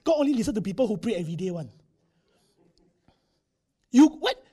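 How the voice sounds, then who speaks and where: A man's voice: high-pitched, sing-song, fairly quick, mellow, breathy edge, heavily acted. A man doing a sly taunting devil. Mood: mocking. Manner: needling, mocking local slang.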